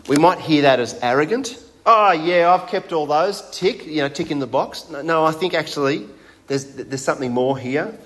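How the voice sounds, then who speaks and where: A man preaching a sermon in a conversational way, putting rhetorical questions to his congregation. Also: fairly high pitch.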